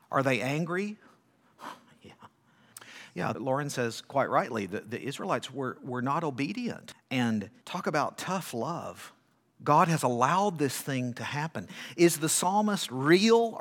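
A male pastor preaching a sermon, reading scripture dramatically and swinging between loud declarations and hushed asides while questioning his congregation. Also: on the high side.

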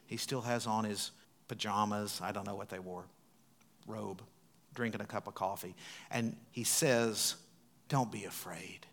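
A man preaching a sermon as a pastor, retelling a scripture story expressively, swinging from loud emphasis to hushed tones. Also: on the low side, steady tone, a little slow.

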